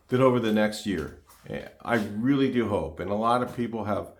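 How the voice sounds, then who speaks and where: A man in his sixties chatting casually to his viewers, rambling with lots of fillers and restarts. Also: mid-range voice. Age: 60s. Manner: chatty, repeats himself, frequent fillers and restarts. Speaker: car channel host. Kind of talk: casual rambling talk to camera. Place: home garage.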